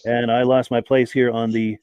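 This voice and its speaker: The live podcast's host speaks at medium pitch and a normal speed, his level tone darkish, clear, and resonant in a dry recording. He chats and reads off viewers' names and hometowns.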